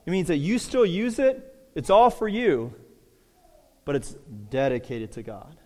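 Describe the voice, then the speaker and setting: Male pastor, sermon delivery, higher-pitched voice, big dynamic swings between fervent peaks and hushed drops, long hall reverb. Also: very animated, a little slow.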